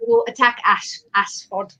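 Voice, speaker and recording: Slow-talking woman playing a tabletop game. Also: on the high side, steady tone, sharp tone. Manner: unhurried, amused, thinking aloud. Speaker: player. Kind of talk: playing a tabletop game over a video call.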